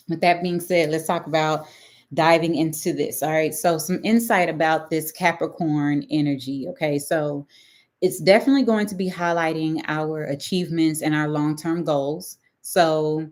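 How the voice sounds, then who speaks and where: A woman's voice: sits low, fairly even intonation, normal speed, darkish tone. A middle-aged woman with a Texan accent, hosting a casual live-stream astrology talk and often checking in with her listeners. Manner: chatty, checks in with "right?" and "okay?".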